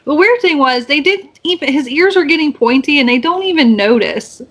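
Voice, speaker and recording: Chatty rambling woman with a slightly high voice. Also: expressive, moderate pace, fairly bright tone. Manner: chatty, rambling, many fillers and restarts; acts out quoted lines with raised pitch. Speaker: podcast co-host. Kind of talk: casual movie recap chat.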